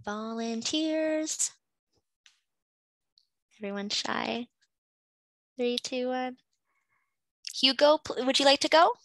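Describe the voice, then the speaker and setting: A woman's voice: high voice, takes it slowly, long pauses, fairly bright tone, no echo, rough recording. A Canadian woman teaching an English class over a video call, patiently explaining grammar and calling on students.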